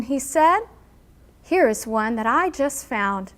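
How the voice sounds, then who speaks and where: A woman teacher reading a picture book aloud to her class, acting out the characters' lines with animated emphasis and pausing to explain. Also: fairly high pitch. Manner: animated storyteller, acting out character lines with big loud pushes.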